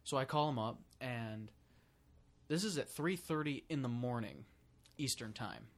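Young male co-host, mid-pitched, blunt casual talker. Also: measured pace. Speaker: podcast co-host. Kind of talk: casual chat.

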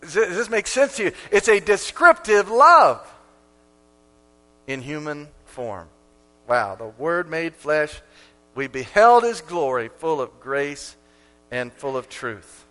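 A man preaching a sermon as pastor, emphatic and repeating key lines for effect, with sudden swings from quiet to loud. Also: on the high side, sing-song, unhurried.

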